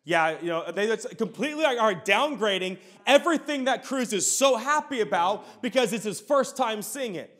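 A man's voice: sits high, expressive, moderate pace, few pauses, a bit bright. A man in his thirties, a pastor, preaching a sermon in a conversational storytelling way with sudden bursts of emphasis.

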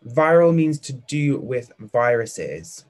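A man's voice: medium pitch, big pitch swings, slow pace, a little mellow. A young British man teaching a live online lesson to children, cheerfully praising pupils by name in a chatty way with plenty of fillers. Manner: upbeat and encouraging, reads out pupils' answers by name.

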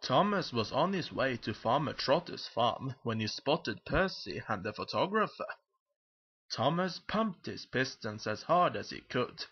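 A man narrating a children's picture book aloud in a lively, expressive storytelling manner. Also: mid-range voice, measured pace, slightly rough, dull audio.

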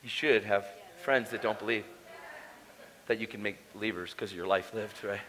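A man's voice: on the low side, steady tone, normal speed, bright, forceful tone. A man preaching a testimony at a conference, telling his story in a casual, slangy way. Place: conference hall.

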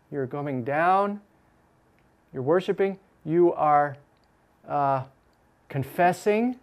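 A man with a somewhat high voice leads a Bible class. He recites scripture slowly, a phrase at a time, leaning on the words, then breaks into quick, upbeat explanation. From Chicago. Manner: repeats verse phrases slowly with emphasis, then talks fast and lively. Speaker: Bible class teacher and counselor.

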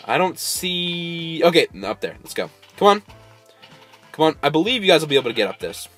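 An excitable man chatting through a gameplay video, coaxing animals along and breaking into sudden squeals of delight. His voice sits a bit high and swings dramatically between low mutters and shrill peaks. Faint game music plays in the background. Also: fairly quick. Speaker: gameplay host. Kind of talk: casual let's-play commentary.

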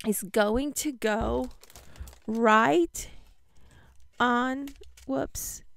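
A woman's voice: fairly high pitch, extremely slow, vocal fry, dry recording. A woman unboxing a craft swap on camera, gushing and giddy, exclaiming and laughing often. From United States. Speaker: paper crafting vlogger. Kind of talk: casual unboxing chat to camera.

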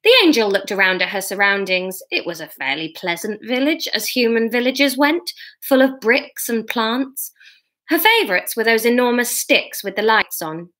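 A woman's voice: a little high, animated, moderate pace, a bit bright. A woman reading a novel aloud, with chatty, self-mocking asides. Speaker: comedian reading her novel.

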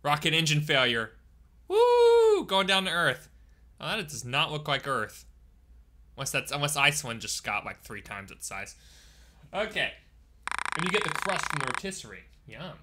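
A man's voice: fairly high pitch, animated, normal speed, slight background noise. A man streaming a video game, chatting casually and joking as he plays and eats. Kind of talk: casual gameplay commentary. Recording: loud game music behind.

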